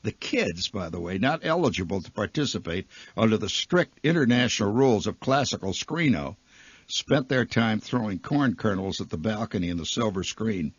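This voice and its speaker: A man telling a comic story as a radio storyteller, animated, swinging between loud flourishes and hushed asides. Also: lowish voice, normal speed, breathy edge, dry recording. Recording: dull lo-fi archival radio recording.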